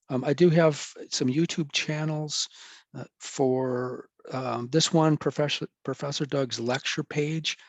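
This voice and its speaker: A man's voice: mid-range voice, dry recording. A middle-aged man, a professor, giving a casual, rambling recorded lecture and correcting himself as he goes.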